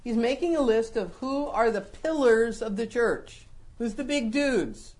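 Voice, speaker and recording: A woman teaching a Bible lesson to a congregation in a conversational, lively way, often repeating words as she explains. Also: fairly high pitch, unhurried. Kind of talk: sermon-style Bible teaching.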